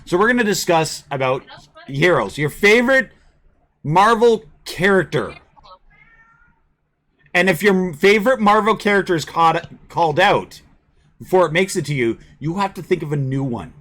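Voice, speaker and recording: A man hosting a casual online group chat, animated and laughing as he leads the talk. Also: high voice, moderate pace, pauses often. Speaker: stream host.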